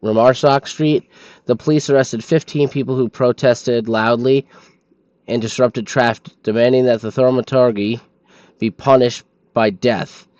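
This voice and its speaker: A man's voice: medium pitch, fairly even intonation, measured pace, darkish tone, dry recording, muffled recording. Drowsy man reading game text aloud. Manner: stumbles over names, sleepy and yawning. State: sleepy. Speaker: streamer.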